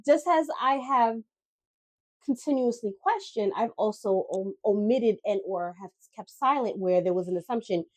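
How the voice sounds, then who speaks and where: A woman's voice: mid-range voice, normal speed, no echo. A woman co-hosting a casual podcast chat, talking reflectively with many restarts and checking in with "right?". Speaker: podcast co-host.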